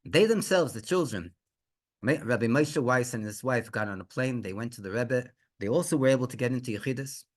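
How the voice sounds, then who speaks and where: A man's voice: mid-range voice, fairly quick. A middle-aged man, a rabbi, telling a religious story with lots of restarts, fillers and rhetorical questions.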